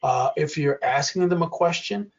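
A man in his sixties giving an educational workshop talk, speaking slowly and clearly and acting out quoted examples. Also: on the high side, recorded from a distance. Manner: slow, deliberate, acts out quoted examples. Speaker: workshop presenter. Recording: dull lo-fi audio.

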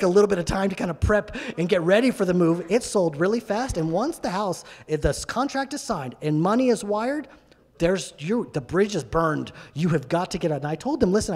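A middle-aged man giving an animated, emphatic testimony as a guest speaker in a church. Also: sits high. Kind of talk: sermon-style testimony. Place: church hall. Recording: reverberant church hall.

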